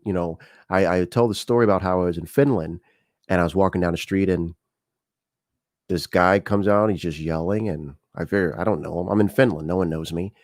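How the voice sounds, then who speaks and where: An American show host tells personal stories on a live-streamed talk show, speaking conversationally with lots of fillers and restarts. His voice is low and a little mellow, recorded with clean studio sound and no room echo.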